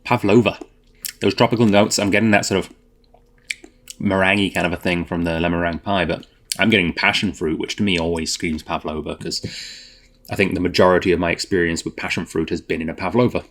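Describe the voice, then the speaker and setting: A man's voice: low voice, steady tone, fairly quick, a bit bright. A man hosting a whisky tasting video, chatting casually and thinking aloud with fillers and self-corrections. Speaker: host.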